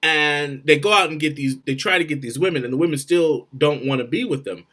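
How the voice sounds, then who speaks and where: A man giving blunt, profane relationship advice straight to the camera, swinging between loud and quiet. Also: a little high, brisk. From Florida. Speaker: vlogger.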